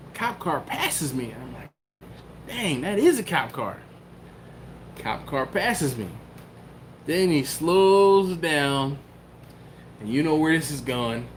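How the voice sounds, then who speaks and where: A man's voice: mid-range voice, takes it slowly, pauses often, a little hiss or hum. A man from the Philadelphia area hosting a live stream, telling a story in casual talk and acting out the quotes. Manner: animated, acts out quotes and cat sounds. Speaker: YouTube host.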